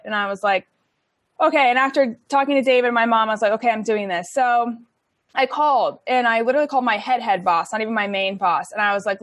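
A woman's voice: a little high, lively intonation, moderate pace, no room sound, studio quality. A young woman telling her story in a chatty, casual way, with many likes and ums and laughs between phrases. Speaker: interview guest.

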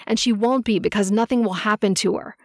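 A woman's voice: mid-range voice, fairly quick, no room sound, clean studio sound, natural voice. A woman voicing a defensive young male vampire in an audiobook. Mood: insistent. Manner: defensive, insistent.

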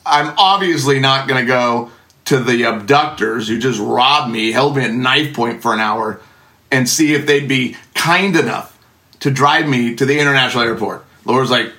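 A man telling a personal testimony, animated and acting out the voices of the people in his story. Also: mid-range voice, normal speed. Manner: animated, acts out voices in quotes, laughs often.

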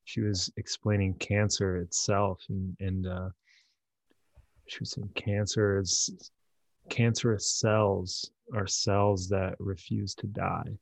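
A man hosting a podcast conversation, talking haltingly with many repeats and fillers. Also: deep voice, level tone, gravelly, no echo. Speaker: podcast host. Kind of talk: conversational interview.

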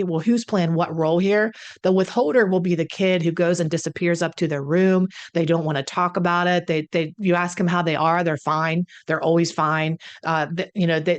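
A woman addiction consultant talking conversationally to her audience, often clearing her throat, her voice a little croaky. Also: on the low side. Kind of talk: solo talk to camera.

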